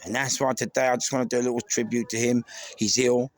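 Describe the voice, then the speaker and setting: A man's voice: mid-range voice, level tone, fast talker, no echo. A middle-aged man with a London accent, speaking an emotional, rambling tribute to camera with many restarts. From England. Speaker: vlogger. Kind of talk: casual tribute monologue.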